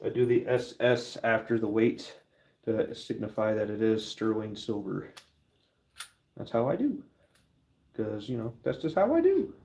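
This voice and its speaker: A man's voice: lowish voice, big pitch swings, measured pace, long pauses, darkish tone. A middle-aged man chatting casually to camera while stamping a silver bar, joking and talking to his dog as he works.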